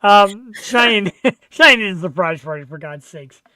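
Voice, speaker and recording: Animated swearing middle-aged man. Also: high-pitched, measured pace, no echo. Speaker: show host. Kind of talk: casual birthday chat.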